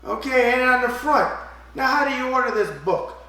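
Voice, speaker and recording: A raspy-voiced man with a New York accent hosting a show, bantering in a brash wise-guy way. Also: very high-pitched, normal speed, sharp tone, a little hiss or hum. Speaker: host. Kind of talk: casual call-in talk show.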